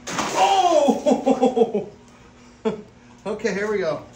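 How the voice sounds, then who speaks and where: A man hosting a casual vlog at an exotic pet store, excitable, often bursting into laughter and loud exclamations while feeding animals. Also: high voice, normal speed, a little hiss or hum. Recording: echoey room.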